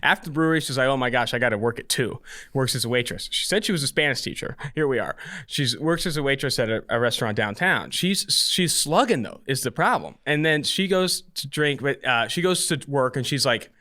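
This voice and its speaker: A man, co-hosting a podcast and telling a long story in an animated, casual way. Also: mid-range voice, a little fast. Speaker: podcast co-host.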